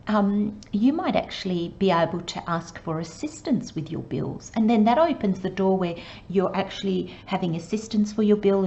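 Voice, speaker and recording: A woman giving a channelled tarot reading, talking slowly and gently and sometimes dropping to a soft murmur. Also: medium pitch, lo-fi sound. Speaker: tarot reader.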